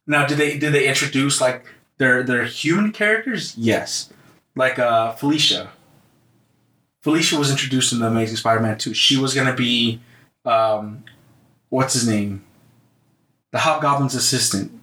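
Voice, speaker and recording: A man co-hosting a podcast, chatting casually and excitedly about superhero movies, often cutting in on his partner. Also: mid-range voice, moderate pace, long pauses. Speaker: podcast co-host. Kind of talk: casual chat. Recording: roomy echo.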